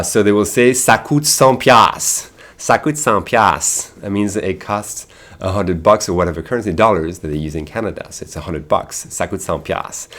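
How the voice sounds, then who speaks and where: A man from France with a French accent, teaching a casual video lesson with chatty asides and fillers. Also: deep voice.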